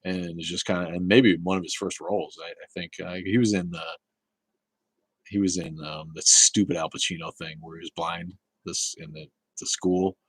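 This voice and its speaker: A man hosting a casual live talk show, rambling and swearing, with many halting restarts as he answers viewer chat. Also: low voice, steady tone, a bit bright, slightly rough, no echo, rough recording.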